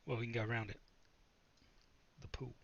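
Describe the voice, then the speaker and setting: A man's voice: mid-range voice, little pitch movement, moderate pace, creaky, lo-fi sound, a little hiss or hum. A man playing a tabletop game who jokes and swears casually. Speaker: player.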